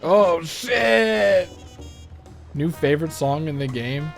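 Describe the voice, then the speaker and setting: A man's voice: a little high, lively intonation, slow pace, vocal fry, soft background music. A young man doing casual let's-play commentary, chatty and rambling, laughing easily. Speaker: game streamer.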